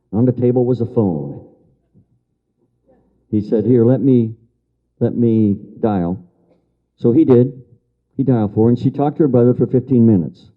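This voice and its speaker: Older man, lecturer, storytelling, repeats phrases for emphasis, answers the room, middle pitch, dull lo-fi recording. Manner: answers audience remarks.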